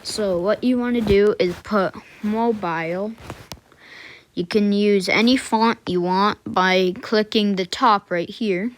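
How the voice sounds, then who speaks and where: A woman casually works through a coding tutorial at her computer, thinking out loud with fillers, correcting herself, and muttering quiet asides. Her voice sits in the mid range and she speaks slowly.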